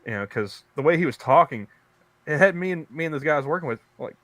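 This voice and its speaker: A man's voice: fairly high pitch, animated, quick pace, a bit bright, no room sound. A man co-hosting a casual podcast chat, rambling through stories with many restarts. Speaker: podcast co-host; convenience store worker.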